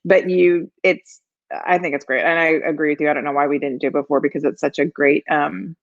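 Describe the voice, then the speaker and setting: A woman's voice: low-pitched, fairly even intonation, brisk. A woman co-hosting a casual live stream about weddings, explaining things in a chatty, rambling way. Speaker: wedding business co-host. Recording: muffled, lo-fi video call audio.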